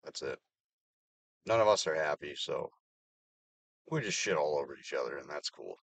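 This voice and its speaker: A man's voice: rumbling low, expressive, normal speed, creaky, dry recording. A man in his thirties ranting casually and profanely, with sarcastic laughs. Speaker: vlogger. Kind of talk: casual rant to camera.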